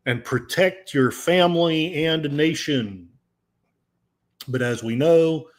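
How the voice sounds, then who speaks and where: Guy doing a livestream, reads the chat real slow, dry sarcastic mock-serious tone. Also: on the high side. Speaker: podcast host reading live chat.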